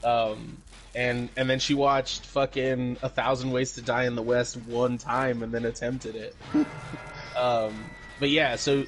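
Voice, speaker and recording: A man co-hosting a podcast, casually recapping a movie in a rambling way, with lots of fillers, swearing and laughter. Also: mid-range voice. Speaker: podcast co-host.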